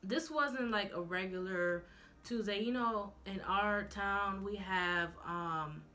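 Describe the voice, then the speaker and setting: A young woman vlogger telling a storytime tale in a sassy, animated way, talking to her viewers like friends. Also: mid-range voice, slow pace. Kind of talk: storytime vlog.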